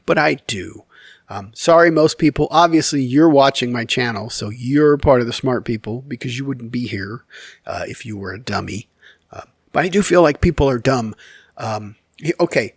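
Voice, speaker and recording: A man's voice: medium pitch, no room sound, clean studio sound. A man telling a casual story to his channel's viewers, rambling and candid, with many fillers, self-corrections and wry, self-deprecating humor. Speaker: YouTube storyteller.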